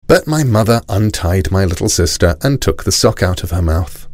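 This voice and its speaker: A man reading a children's storybook aloud, expressive and playful. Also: sits low, moderate pace, no room sound.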